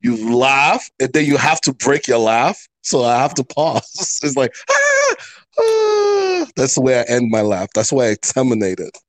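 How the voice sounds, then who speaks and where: A man co-hosting a casual gaming podcast, playful and quick to laugh. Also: mid-range voice. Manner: giggly, playful. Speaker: podcast co-host.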